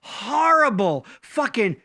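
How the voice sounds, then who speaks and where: A man co-hosting a casual live-stream chat, talking in a strikingly high, bright voice that swoops around. He rambles, swears freely and laughs easily. The sound is close and dry. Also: big pitch swings, no room sound. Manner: profane, rambling, quick to laugh. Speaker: co-host.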